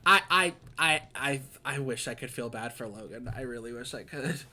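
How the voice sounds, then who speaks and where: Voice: mid-range voice, steady tone, fairly quick, a bit bright. A game streamer giving casual play-by-play commentary, rambling with lots of restarts and laughs.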